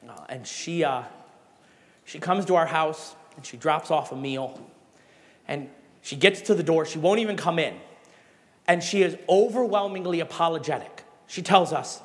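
A man's voice: on the high side, normal speed, big-room sound. A man preaching a sermon as a pastor, telling stories and urging his congregation to act. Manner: animated storytelling with emphatic exhortations.

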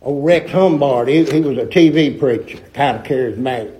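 A man's voice: mid-range voice, normal speed, dark tone, low-quality recording. A middle-aged man preaching a sermon in a folksy, emphatic way with rustic grammar.

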